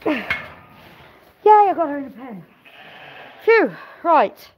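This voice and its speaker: A woman's voice: high-pitched, sing-song, slow, muffled recording, slight background noise. A woman filming a farm vlog in a sheep pen, coaxing and urging a ewe while she works and talking to viewers between sighs. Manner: effortful, sighing, swears while wrestling a sheep. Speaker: farmer vlogger.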